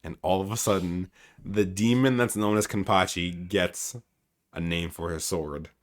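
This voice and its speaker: A man's voice: low voice, steady tone, measured pace. A young man co-hosting a podcast, animatedly recapping an anime episode in casual, profane chat full of "like" and "basically". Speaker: podcast co-host.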